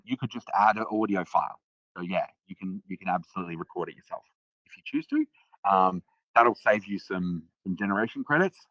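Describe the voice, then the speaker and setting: A man presenting a live software demo on a webinar, talking casually with lots of fillers and restarts. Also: sits low, dry recording, highs cut off.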